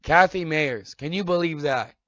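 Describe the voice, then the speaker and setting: A man's voice: a little high, normal speed, pushed and bright, no echo. A man ranting angrily on a live stream, swearing, accusing people and asking "okay?" again and again. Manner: heated, accusatory, repeats "okay?". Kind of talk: angry profane rant. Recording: dull lo-fi live-stream audio.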